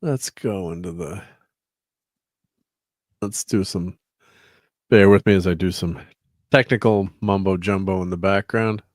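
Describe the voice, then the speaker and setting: A man's voice: low voice, fairly even intonation, a little slow, long pauses, no echo, clean studio sound. A man hosting a casual livestream chat, rambling with lots of fillers and chuckles while he fiddles with his slides. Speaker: host.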